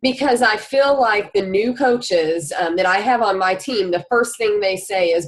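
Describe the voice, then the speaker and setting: A woman's voice: mid-range voice, measured pace, hardly any pauses. A woman hosts a casual chat. She laughs easily and responds to her guest with encouragement. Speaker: host.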